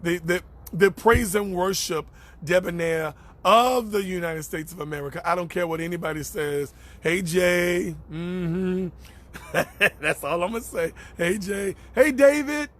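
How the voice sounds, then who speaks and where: High-voiced man preaching on a live stream. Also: fairly even intonation, measured pace, a bit bright. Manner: preacherly, repeats phrases for emphasis; greets viewers by name between thoughts. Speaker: minister hosting a live stream. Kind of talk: live-stream chat answering viewer comments.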